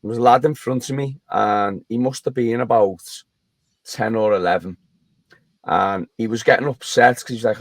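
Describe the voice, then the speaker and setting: A man's voice: on the low side, moderate pace, creaky, no echo. A man, co-hosting a podcast over a remote call, telling a long, rambling story with frequent restarts. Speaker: podcast co-host. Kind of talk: casual chat.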